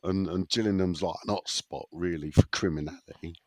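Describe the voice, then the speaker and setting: A man's voice: low voice, fairly even intonation, a little fast, darkish tone, no room sound. A man with a sore throat hosting a listener question segment in casual podcast chat, rambling and teasing, often tripping over his words.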